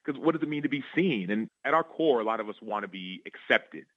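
A man, a former football player turned author, telling personal stories in a radio interview in an earnest, animated way that keeps checking in with "right?". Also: medium pitch, a little fast, no echo, narrow, tinny audio. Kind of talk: interview storytelling. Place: radio studio.

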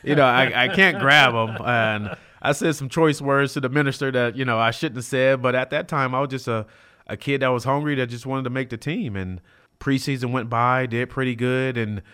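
Animated storytelling man from California. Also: brisk, smooth. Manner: lively, acts out quoted voices with jumps in pitch and loudness. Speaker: guest, former pro football player. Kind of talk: storytelling in an interview.

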